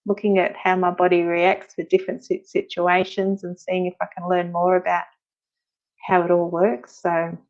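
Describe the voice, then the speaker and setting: A woman's voice: fairly low pitch, monotone, moderate pace, a little mellow, lo-fi sound. A woman chatting casually on a live stream as a guest, reading out viewer comments and talking about her own progress.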